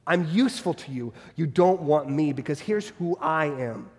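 A man's voice: on the high side, lively intonation, moderate pace, darkish tone, big-room sound. A man preaching a sermon as pastor, earnest and fond of repeated rhetorical questions.

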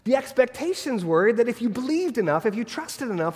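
A man's voice: extremely high pitch, sing-song, a little fast, hardly any pauses, darkish tone, long reverb tail. A man preaching a sermon as pastor, earnest and fond of repeated rhetorical questions.

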